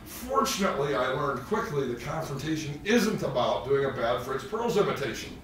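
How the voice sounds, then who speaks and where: A man's voice: a little high, lively intonation, brisk, few pauses, a bit bright. Man lecturing from a distant, echoey mic. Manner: self-deprecating, joking asides. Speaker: therapy trainer. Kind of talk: live training lecture. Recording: echoey room, distant mic, faint noise.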